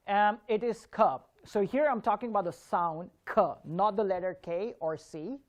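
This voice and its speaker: A man giving an online spoken English lesson, drilling words slowly and clearly and encouraging his learners. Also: high-pitched.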